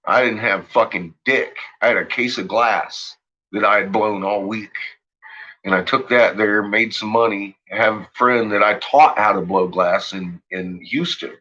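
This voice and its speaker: A man's voice: lowish voice, a little slow, muffled recording. A man on a late-night monologue, ranting and swearing heavily as he tells his story. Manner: profane, ranting, shouts in retold quotes. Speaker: host.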